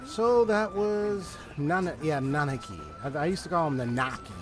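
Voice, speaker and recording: A man's voice: high-pitched, lively intonation, moderate pace. A man talking casually through a first-time game playthrough, chatty and full of slang, laughing often. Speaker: gaming YouTuber. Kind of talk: casual let's-play commentary. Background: game music.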